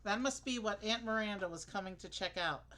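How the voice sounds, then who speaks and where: A woman reading a mystery game's text aloud in an earnest, clear manner and asking questions. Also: mid-range voice, fairly quick, fairly bright tone. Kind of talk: reading aloud during a let's play.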